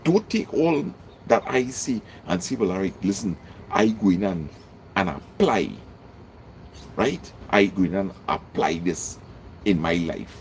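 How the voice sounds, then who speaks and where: A man with a Trinidadian accent giving a casual motivational talk, emphatic and repeating his points, his voice jumping high when he makes them. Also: animated, unhurried, a little hiss or hum. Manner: emphatic, repeats lines for effect, jumps high in pitch. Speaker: vlogger.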